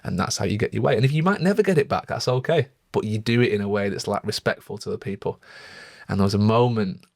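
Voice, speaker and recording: A man's voice: lowish voice, quick pace, vocal fry, dry recording, studio quality. A young man co-hosting a podcast, telling a parenting story in an earnest, reflective way with lots of fillers. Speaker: podcast co-host. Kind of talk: casual chat.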